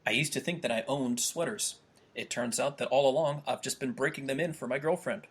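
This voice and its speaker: A young man hosts a laid-back podcast with a husky, slightly breathy voice. He reads out his own jokes and keeps chuckling through them. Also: medium pitch, brisk. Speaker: podcast host. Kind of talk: casual podcast chat.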